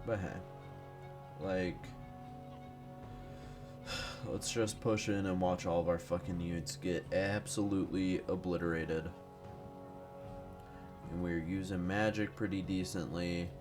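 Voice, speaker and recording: A man's voice: low voice, fairly even intonation, measured pace, long pauses, over music. A man giving casual, rambling, profane commentary while playing a strategy game, a bit tired and fumbling for words. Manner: rambling, profane, self-deprecating. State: tired, no morning caffeine. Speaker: gaming commentator.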